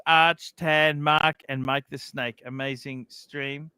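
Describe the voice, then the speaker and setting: A man's voice: mid-range voice, slow pace, few pauses, pushed and bright, clean tone, no echo. A man hosting a casual livestream, animatedly retelling a feud. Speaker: livestream host.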